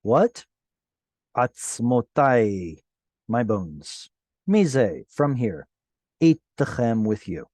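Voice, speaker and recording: Slow, patient male language teacher. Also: medium pitch, big pitch swings, darkish tone, no room sound. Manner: patient, explains word by word, self-correcting. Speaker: Hebrew teacher. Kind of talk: online class teaching. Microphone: video call.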